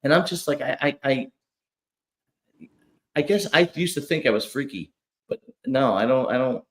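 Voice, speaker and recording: A man's voice: medium pitch, expressive, normal speed, reverberant. A man in his forties hosting a podcast, chatting casually and rambling with frequent restarts. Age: 40s. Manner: rambling, stammers and restarts often. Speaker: podcast host. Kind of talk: casual chat.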